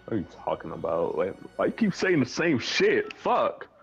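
Man, gaming voice chat, blunt, swears a lot, teasing, pitch swinging wildly, game music behind. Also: huge pitch swings, normal speed, creaky, highs cut off. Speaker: gamer.

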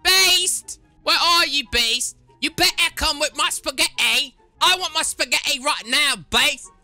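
A woman with a high, very bright voice cracks crude, over-the-top jokes during a group game. Faint game music runs behind her. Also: unhurried, no echo. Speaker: gaming co-player. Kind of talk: playful gameplay banter.

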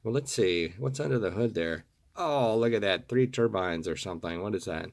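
A man with a gravelly, hoarse morning voice, casually showing off a collection in a video and gushing over each piece, often repeating words with delight. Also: lowish voice, lively intonation, normal speed. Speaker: toy car collector and seller. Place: home desk.

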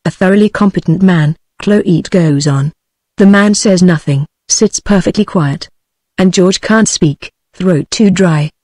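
A woman's text-to-speech voice with a British English accent, reading a classic story aloud in an even, unhurried way. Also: lowish voice, dry recording. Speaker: audiobook narrator.

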